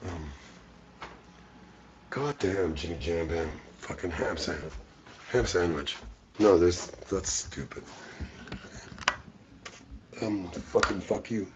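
A man's voice: deep voice, animated, slow, long pauses, background noise. A drunk livestream musician rambling and swearing to his chat viewers.

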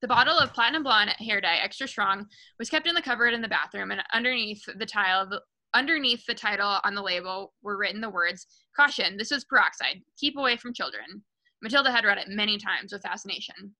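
On a rough recording, a woman with a mid-range voice reads quickly, in a bright and forceful tone, from a children's novel for her book club. Her reading is loose and unpolished, with occasional stumbles and self-corrections, and she gets louder for the characters' lines.

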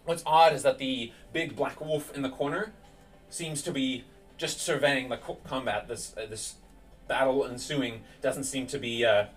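A man narrating as game master of a tabletop game, relaxed and full of fillers. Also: mid-range voice, normal speed, distant mic, soft background music.

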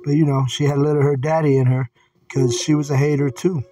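A man's voice: fairly high pitch, level tone, fast talker. Blunt, profane man teaching scripture. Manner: reads scripture aloud, then comments bluntly with profanity. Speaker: Bible teacher. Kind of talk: casual Bible study commentary. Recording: distant mic with singing bowl music.

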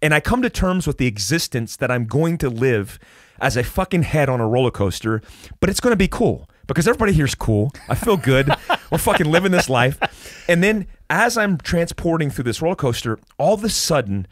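A man from the United States tells a wild story as a guest on a podcast, animated and swearing heavily while restarting his sentences. His voice is fairly high and fairly quick, captured in studio quality with no room sound.

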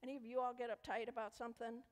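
A woman's voice: fairly high pitch, flat delivery, racing. A woman leading a children's sermon in a church, coaxing the kids with playful questions. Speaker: children's message leader. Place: church sanctuary. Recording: echoey church hall.

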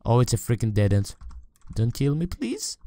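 A man's voice: medium pitch, wildly swooping pitch, moderate pace, mellow, no room sound. A man playing a horror game on camera, talking to the game and his viewers, often shrieking and swearing when scared. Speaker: let's play gamer.

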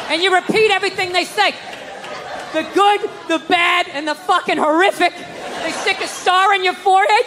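Exasperated male stand-up, high-pitched rant, loud live crowd. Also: moderate pace, long pauses, big-room sound, background noise. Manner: profane, exasperated, shouting bursts. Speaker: stand-up comedian. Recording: live stage with loud audience.

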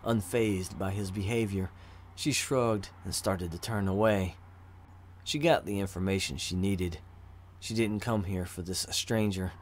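A man narrating a fantasy story in an even, measured reading voice. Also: sits low, a little hiss or hum. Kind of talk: audiobook narration of fantasy fiction.

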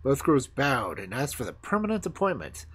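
A storyteller reading fairy tales aloud for a livestream audience, with a voice that swoops widely from low to high. The tone is breathy rather than clean. Character voices break into the narration now and then. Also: wildly swooping pitch, moderate pace, fairly bright tone.

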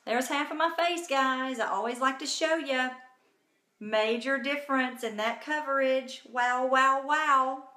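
A woman hosts a casual live makeup tutorial, bubbly and chatty as she greets viewers by name. Her voice sits a little high and she takes her time. It is caught on a phone in an echoey room at home. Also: a little slow, pushed and bright.

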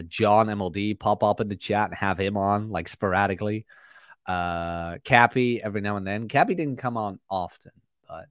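Slow, animated man chatting to his viewers. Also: fairly low pitch, no room sound, studio quality. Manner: rambling, reads and answers chat comments. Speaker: podcast host. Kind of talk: casual livestream chat.

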